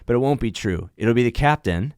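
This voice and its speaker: A man's voice: mid-range voice, a little fast, clean tone, no room sound, clean studio sound. A man who flies for an airline, chatting in a podcast and telling emphatic stories about flying. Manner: animated storyteller, emphatic. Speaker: airline pilot guest. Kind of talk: casual podcast chat.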